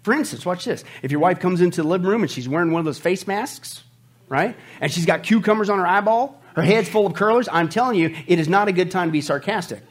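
A man with a high-pitched voice preaches a sermon as pastor. He jokes with the congregation and keeps repeating phrases for emphasis. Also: quick pace.

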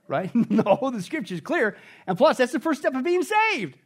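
A male pastor preaching a sermon emphatically, often checking in with the congregation and swinging between loud exclamations and quiet, intense stretches. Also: sits high, sing-song, normal speed. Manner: repeats "okay?" and "contextually". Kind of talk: expository sermon.

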